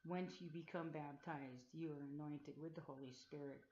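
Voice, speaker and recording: Woman, low voice, earnest personal testimony, halting with fillers; dull, echoey laptop-mic recording. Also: steady tone, darkish tone, slight background noise. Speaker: former Jehovah's Witness telling her story. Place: room in a group home. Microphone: built-in mic of a loaner PC.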